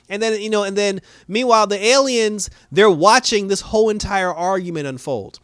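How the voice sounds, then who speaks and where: A man's voice: high-pitched, moderate pace, hardly any pauses, a bit bright, clean tone, no echo. A man giving a casual, rambling recap and review of a TV episode, slangy and laughing often.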